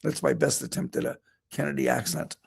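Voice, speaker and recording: A man's voice: medium pitch, steady tone, fairly quick, vocal fry, breathy edge. A middle-aged man, a veterinarian, telling a personal anecdote during a talk and quoting what he and others said. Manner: storytelling, quoting himself and others.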